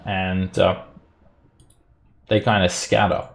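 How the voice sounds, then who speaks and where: A man narrating as game master of a tabletop game, in a relaxed way with many fillers. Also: deep voice, slow pace, creaky.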